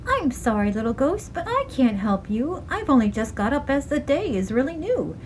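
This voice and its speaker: A woman voicing a bold, cheerful rooster in a storybook reading, with a loud crowing manner. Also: sits high, very animated, normal speed, a little hiss or hum.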